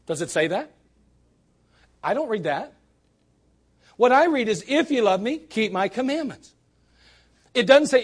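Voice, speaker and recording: A man's voice: very high voice, big pitch swings, moderate pace, pauses often, husky. A man preaching a sermon at a church service, emphatic and full of rhetorical questions and sarcastic asides. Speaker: pastor.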